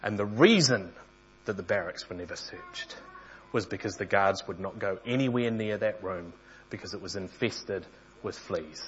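A man's voice: fairly low pitch, normal speed, a bit bright, lo-fi sound, slight background noise. A man preaching a sermon in an earnest storytelling manner, sometimes restarting phrases.

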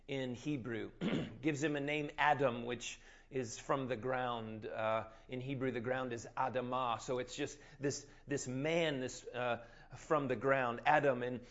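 A man preaching a sermon, retelling scripture as a lively story and acting out the scenes. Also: medium pitch, moderate pace, dull audio. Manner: animated storyteller, acts out scenes.

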